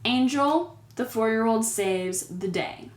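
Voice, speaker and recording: A woman's voice: a little high, takes it slowly, echoey room. A woman casually recapping a horror movie, with exasperated, sarcastic commentary on the characters.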